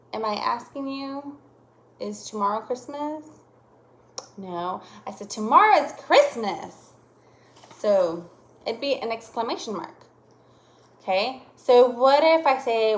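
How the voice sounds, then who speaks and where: A woman teaches young children, speaking slowly and stretching her voice up and down to make each point plain. Her voice sits a little high. The room around her is echoey. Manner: slow, exaggerated voice changes to demonstrate punctuation. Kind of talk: classroom lesson for young children.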